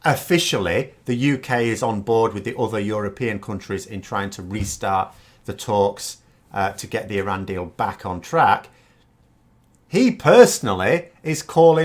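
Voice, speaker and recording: A man's voice: fairly low pitch, unhurried. A British man hosting a political commentary channel, delivering a scornful, sarcastic monologue with emphatic points.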